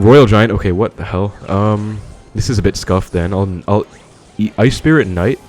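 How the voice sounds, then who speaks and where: Deep-voiced man commentating his own gameplay. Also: a little mellow. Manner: casual, thinking aloud, quick asides to viewers. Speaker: gaming commentator.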